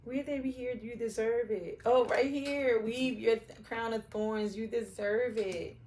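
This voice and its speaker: A middle-aged woman gives an intuitive tarot reading at an unhurried pace. Her speech wanders, full of fillers and restarts and the odd casual swear, and it sinks soft and emotional at times. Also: fairly high pitch, steady tone, slight background noise. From Puerto Rican, raised in Brooklyn and Philadelphia. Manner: rambling and searching, many fillers and restarts, casual cussing. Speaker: tarot reader.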